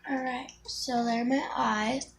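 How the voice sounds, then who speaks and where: A woman's voice: on the high side, steady tone, unhurried, slight background noise. A teenage girl chatting casually through a makeup tutorial, rambling with ums and restarts. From Florida. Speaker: beauty vlogger.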